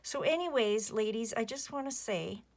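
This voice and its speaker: A woman in her fifties chatting casually while she crafts, rambling softly and muttering asides to herself. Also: on the high side, expressive, moderate pace. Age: 50s. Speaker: crafting vlogger.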